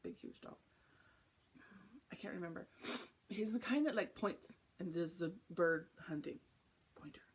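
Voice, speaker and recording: A young woman, a flosstube vlogger, chats casually at home in the early morning, rambling through a story full of asides on her cross-stitch vlog. Her voice is lowish and husky, expressive and a little slow, with frequent pauses.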